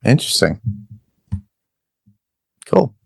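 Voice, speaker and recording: A man hosting a casual movie podcast, talking in a relaxed way and thinking aloud with many fillers. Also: takes it slowly, no echo, studio quality. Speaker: podcast host.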